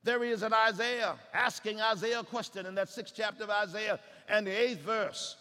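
A man preaching a sermon, swinging from shouted climaxes to hushed, low passages. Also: steady tone, normal speed, few pauses, clear, resonant tone, in a large hall.

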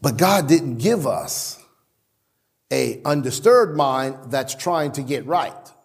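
A man preaching a sermon, animated, with stammered restarts and acted-out quotes. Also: mid-range voice, slow. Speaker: pastor. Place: church sanctuary. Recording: long church reverb.

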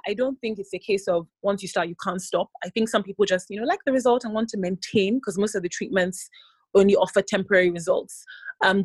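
A woman's voice: medium pitch, no room sound, low-quality recording. Woman practitioner, dry close sound. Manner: thoughtful, frequent fillers and restarts. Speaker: aesthetic clinic practitioner. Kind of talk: interview answer, casual explanation. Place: clinic in an African country.

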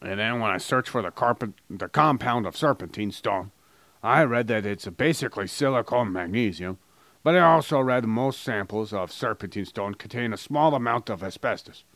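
Gravelly guy rambling on a podcast, dry close mic, cracking crude jokes. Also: fairly low pitch, lively intonation, normal speed, a bit bright, no room sound. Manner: rambling, joking, mock-advertiser voice. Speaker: podcast co-host. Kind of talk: crude comedic podcast banter.

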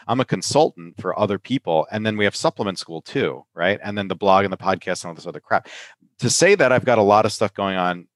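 A man's voice: fairly low pitch, no room sound. A man hosting a casual podcast chat, run down with a sinus infection, talking loosely, often asking "right?" and laughing. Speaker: podcast host and pharmacist.

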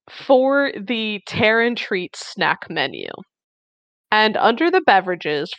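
A woman's voice: medium pitch, a bit bright, dry recording. Rambling woman podcaster, lo-fi sound. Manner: rambling, many "like" fillers, wry complaints. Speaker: podcast co-host. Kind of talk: casual chat.

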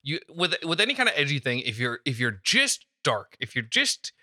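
A man's voice: mid-range voice, very animated, normal speed, bright, forceful tone, no room sound, clean studio sound. A man co-hosting a casual podcast, chatting in a rambling way with frequent restarts and easy laughter. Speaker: podcast co-host. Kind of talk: casual chat.

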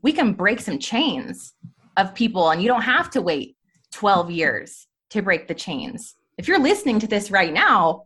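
A woman in her thirties tells a personal story with candor and life. Her pitch rises and falls a lot, and her delivery is animated and conversational. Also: unhurried, slightly rough.

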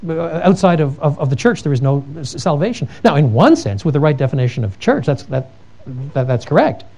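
Lively, mellow-voiced man lecturing on theology. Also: fairly high pitch, a little fast. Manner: earnest, emphatic, with frequent restarts. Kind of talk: lecture with told anecdotes.

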